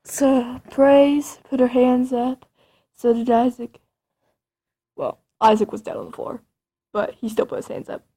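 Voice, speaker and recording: Slow, husky woman telling a spooky tale. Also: a little high, fairly even intonation, warm tone. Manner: rambling, dramatic with creepy asides. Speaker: storyteller. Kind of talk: improvised spooky storytelling.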